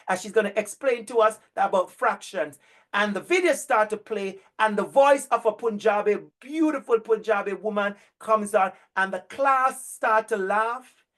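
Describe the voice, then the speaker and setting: A man speaks in a fairly high voice as he tells stories to an audience. His delivery is animated and emphatic. He repeats key words and acts out the voices of the children in his stories. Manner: emphatic repetition. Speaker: educator and speaker. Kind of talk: storytelling talk.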